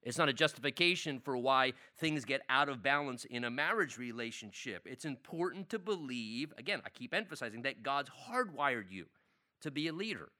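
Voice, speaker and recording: A man's voice: mid-range voice, animated, moderate pace, pushed and bright. A middle-aged man teaching a church men's class, speaking emphatically and repeating key lines for stress.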